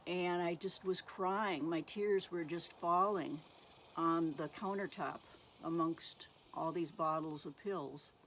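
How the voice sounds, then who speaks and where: A middle-aged woman telling her personal faith testimony slowly and haltingly, with many pauses. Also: lowish voice, fairly bright tone, slight background noise. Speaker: speaker sharing her testimony.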